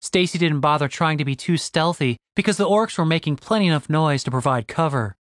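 A man narrating a comic fantasy audiobook with expressive storytelling. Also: a little high, brisk, no echo, clean studio sound. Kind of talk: scripted narration.

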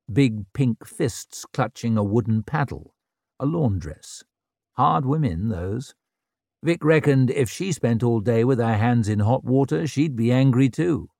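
Male narrator, audiobook reading, slow delivery, wry, dry sound. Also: mid-range voice, animated, gravelly, a little mellow, no room sound.

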